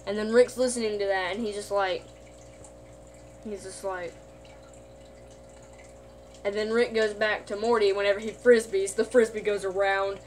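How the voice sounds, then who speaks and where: A woman's voice: mid-range voice, a little mellow, a little hiss or hum. A woman casually recapping an episode in a rambling way, with lots of fillers and restarts.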